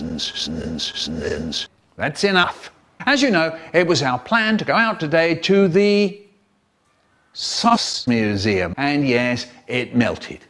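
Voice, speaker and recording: A man's voice: on the high side, a bit bright. A man performing comic poems and stories, theatrical and full of playful put-on voices. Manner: theatrical, with playful mock voices and exaggerated timing. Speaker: children's poet and storyteller.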